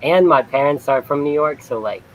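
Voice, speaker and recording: A man's voice: a little high, normal speed, slight background noise, poor audio. A young man, a guest on an online chat show, giving brief, modest, easygoing answers. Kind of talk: casual interview answers.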